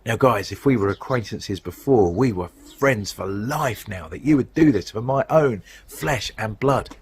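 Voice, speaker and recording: Animated male preacher, outdoors in wind. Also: lowish voice, measured pace, husky, low-quality recording. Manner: conversational, animated storytelling. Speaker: guest preacher. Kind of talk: sermon. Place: outdoors, windy.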